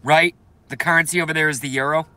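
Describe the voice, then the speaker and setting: A man's voice: a little high, fairly even intonation, fast talker, sharp tone, no echo. A man hosting a casual livestream, reading viewer comments and ranting bluntly with profanity, congested and coughing now and then. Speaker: livestream host.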